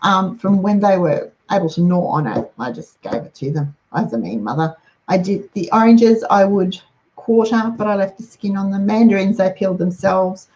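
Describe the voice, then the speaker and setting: A woman's voice: medium pitch, lively intonation, normal speed, darkish tone, dull audio. A middle-aged woman chatting casually as a host, running through practical lists of lunchbox ideas. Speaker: host giving lunchbox tips. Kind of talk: casual how-to talk.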